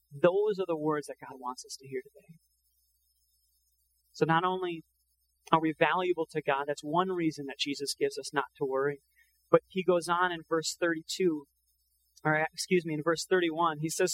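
A man's voice: a little high, moderate pace, a bit bright, a little hiss or hum, rough recording. A man preaching a sermon in an earnest, conversational way, often quoting scripture. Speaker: pastor.

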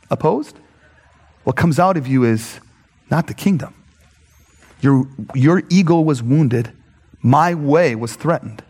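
Animated man preaching in a reverberant hall. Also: fairly high pitch, slightly rough. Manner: animated, filler-heavy, asks "right?" often. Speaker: pastor. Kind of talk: conversational sermon.

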